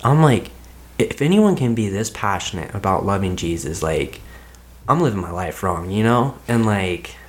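Young man, very low voice, podcast guest, casual rambling storytelling, constant "like" fillers. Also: big pitch swings, moderate pace. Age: young adult. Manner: rambling, heavy use of "like" as filler.

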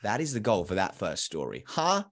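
A sales trainer in his thirties speaks as an energetic podcast guest in a low-pitched voice at a fairly quick pace. He's animated, acting out quoted dialogue and repeating points for emphasis.

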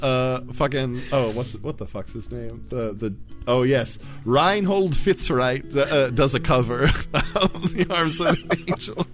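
A man's voice: mid-range voice, measured pace, soft background music. A man running a tabletop role-play as game master, joking and rambling, full of fillers.

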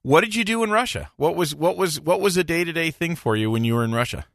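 A man's voice: a little high, lively intonation, fast, gravelly, a bit bright, dry recording, clean studio sound. A man hosting his own podcast as a dentist, chatting in an upbeat, jokey way with his guest. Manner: jokey, upbeat, sing-song. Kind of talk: casual interview.

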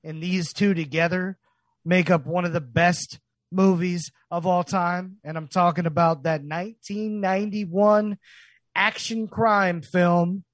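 A man's voice: sits high, steady tone, unhurried, no room sound. A man co-hosting a podcast in casual chat, upbeat and hyped, joking with his friends. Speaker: podcast co-host.

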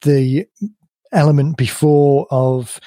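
A man hosting a podcast, explaining his points at length in an emphatic conversational way, his voice a little croaky. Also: medium pitch, flat delivery, takes it slowly, dark tone, no room sound, clean studio sound. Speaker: podcast host.

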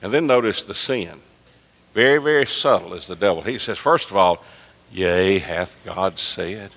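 Impassioned preacher in a reverberant church. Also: male voice, lowish voice, animated, fairly quick, vocal fry. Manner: impassioned preaching, rising to near-shouts. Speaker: pastor. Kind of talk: sermon. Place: church sanctuary. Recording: long reverb of a church hall.

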